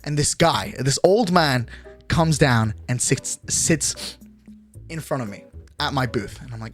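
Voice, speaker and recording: A man's voice: on the high side, animated, normal speed, soft background music. A young man telling a long story on a live stream, rambling, swearing freely and checking in with "okay?" every few lines. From Australia. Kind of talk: casual chat, storytelling.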